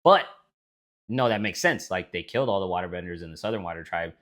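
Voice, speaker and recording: A man's voice: deep voice, lively intonation, quick pace, a bit bright. A man co-hosting a casual podcast chat, rambling and swearing, with frequent restarts. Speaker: podcast co-host.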